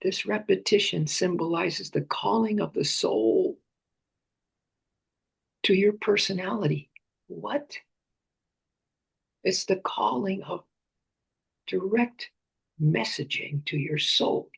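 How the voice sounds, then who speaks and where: Slow, gravelly man guiding meditation. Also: high voice. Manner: slow, drifting into breathy whispers; repeats phrases and names softly. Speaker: meditation teacher. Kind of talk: guided meditation talk.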